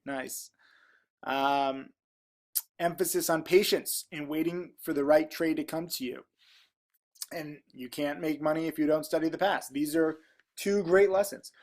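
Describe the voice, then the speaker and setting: In a casual vlog voice pitched on the high side, a man in his thirties reads viewer comments out loud and reacts to them frankly. He rambles and uses plenty of filler words.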